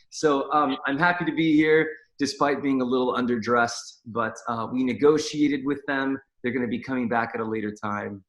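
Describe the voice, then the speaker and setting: A man's voice: medium pitch, steady tone, fairly quick, few pauses, fairly bright tone. Man, from California, chatty, rambling, video call, roomy echo. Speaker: guest dancer. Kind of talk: casual video-call chat.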